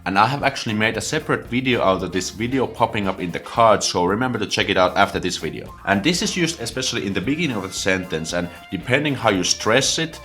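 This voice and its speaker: Low-voiced Finnish-accented young man teaching. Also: lively intonation, fast talker, hardly any pauses, a bit bright, faint music behind. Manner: casual, chatty, frequent fillers and restarts. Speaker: language teacher. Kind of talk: explaining vocabulary to camera.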